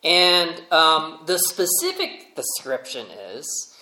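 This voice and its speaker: Man, pastor, sermon, humorous storytelling, somewhat high voice, roomy church echo. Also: sing-song, slow, pushed and bright.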